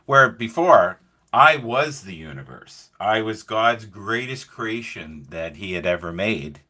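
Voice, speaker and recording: Man, middle-aged, deep voice, lively swooping pitch, bright tone, animated storyteller, casual talk show host. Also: slow pace. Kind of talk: casual chat.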